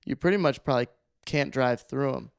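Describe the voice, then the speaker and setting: A man on a podcast telling a story in a loose, animated way, full of filler words. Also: mid-range voice, a little fast, creaky, clean tone, dry recording, clean studio sound. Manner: animated, rambling, heavy use of filler words. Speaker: podcast guest. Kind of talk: casual storytelling.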